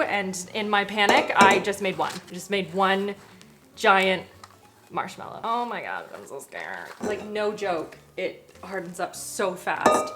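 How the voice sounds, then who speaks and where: Bubbly woman vlogging in her kitchen, chatty, faint music behind her. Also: mid-range voice. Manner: chatty, excitable, talks to the camera. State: out of breath. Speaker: cooking vlogger. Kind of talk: casual cooking vlog.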